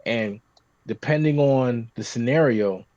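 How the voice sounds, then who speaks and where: A man chatting casually on a podcast, rambling with many restarts and getting animated when describing scenes. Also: medium pitch, measured pace, dry recording. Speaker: podcast guest talking tabletop games. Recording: dry, slightly muffled podcast recording.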